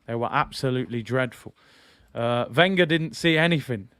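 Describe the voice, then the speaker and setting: A man's voice: medium pitch, moderate pace, fairly bright tone, smooth, dry recording, clean studio sound. A man hosting a football channel, giving casual fan commentary in a chatty, incredulous way and often apologizing.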